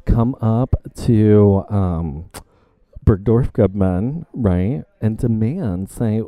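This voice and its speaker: A man's voice: lowish voice, expressive, drawn-out words, no echo, narrow, tinny audio. A man co-hosting a casual, campy chat about a book, with a rambling manner and an Indiana twang. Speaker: podcast co-host.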